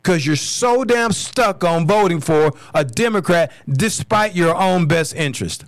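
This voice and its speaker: Man, American accent, podcast host, angry rant, blunt, swearing, higher voice, dry sound. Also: animated, measured pace, dry recording. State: furious. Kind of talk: solo political podcast rant.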